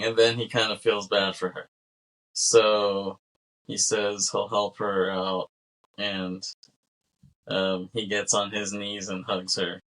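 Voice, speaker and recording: A man hosting a casual movie podcast, relaxed and laughing often as he recaps scenes. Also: lowish voice. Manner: laid-back, laughs often, acts out quoted lines. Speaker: podcast host.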